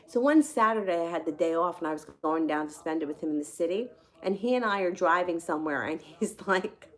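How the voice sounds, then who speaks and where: A woman's voice: on the low side, animated, fairly quick. A woman hosting a tarot channel, telling a personal story casually and candidly, laughing often and swearing freely. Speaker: tarot reader and channel host.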